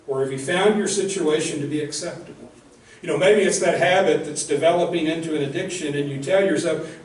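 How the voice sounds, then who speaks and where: Male minister, earnest and direct sermon delivery, slightly high voice, heavy room echo, mic a bit distant. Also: a little fast. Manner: earnest, direct, asks rhetorical questions. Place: church sanctuary.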